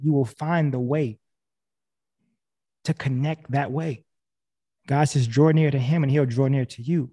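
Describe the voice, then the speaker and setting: A man's voice: mid-range voice, dark tone. A man preaching casually and earnestly on a video call, repeating key phrases, with frequent restarts. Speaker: speaker sharing a faith testimony on a video call.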